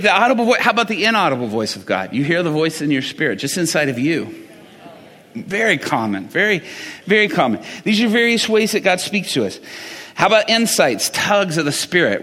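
A middle-aged male pastor preaches in a lively, conversational way, his high voice leaping up and down. His tone is bright and forceful. The sound carries a long echo from a large church hall. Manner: animated, conversational storytelling with laughs. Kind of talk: sermon. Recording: reverberant hall.

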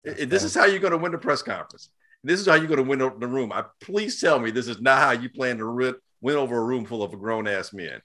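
Animated man in casual sports talk. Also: medium pitch, quick pace. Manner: animated, slangy, often stammering and repeating words.

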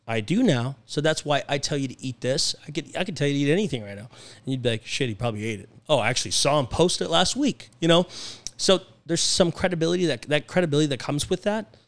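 A young man, a podcast guest, chatting casually and telling animated stories about his career, acting out phone calls and laughing often. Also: mid-range voice. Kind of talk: casual storytelling chat. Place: podcast studio.

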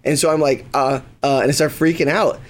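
A man's voice: a little high, brisk. A young man, a podcast co-host, telling a story in casual chat and acting out the people in it. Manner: animated storyteller, acts out quoted voices.

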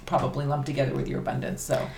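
A woman talking casually on a podcast about candle magic, chatty and animated. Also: a bass voice, very fast. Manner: chatty, animated, laughs easily. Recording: roomy echo, faint background noise.

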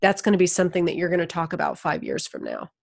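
Animated, low-voiced woman storyteller. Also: fast, gravelly. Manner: animated, acts out quoted voices. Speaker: interview guest. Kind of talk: casual conversational storytelling.

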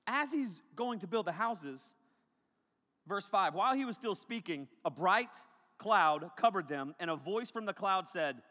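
A male pastor preaching a sermon to a congregation in a large hall, joking and animated, breaking into shouts. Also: sits high, a little slow. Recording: long hall reverb.

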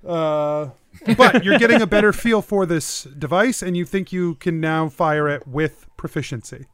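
A man with a smooth, clean voice, pitched a little high, running a tabletop game as its narrator. He describes the action loosely, with plenty of ums and uhs. The sound is dry and close. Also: a little slow, no room sound. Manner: relaxed, descriptive, many fillers. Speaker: game master.

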